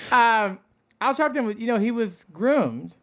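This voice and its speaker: A man's voice: very high voice, lively intonation, slow, a bit bright. A man co-hosting a comedy podcast, rambling through stories with restarts and dry jokes. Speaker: podcast co-host. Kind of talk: casual comedic banter.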